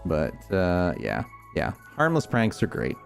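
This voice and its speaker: A man with a Northeastern US accent and a low, deep voice chats casually over a game stream. He rambles thoughtfully and often restarts his sentences. Soft music plays faintly behind him. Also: huge pitch swings, slow, vocal fry. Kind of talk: casual gameplay chat.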